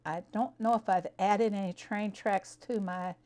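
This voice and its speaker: A woman hosts a live game stream in a relaxed, unhurried voice of middling pitch. She chats easily with her viewers, answers their questions and laughs often. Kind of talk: casual live-stream chat.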